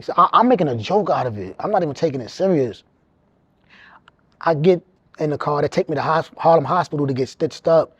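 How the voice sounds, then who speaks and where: Streetwise New man, fairly high voice. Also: a little fast, husky, dry recording, muffled recording. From New York. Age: around 40. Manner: animated, streetwise, repeats words as he talks. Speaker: interviewee telling his life story. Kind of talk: casual storytelling.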